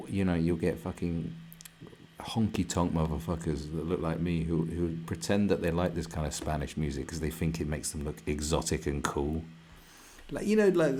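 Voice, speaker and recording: A man's voice: sits low, a little mellow, slight background noise. A young man streaming live, ranting crudely and mocking the video in front of him, laughing often. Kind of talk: profane ranting reaction stream.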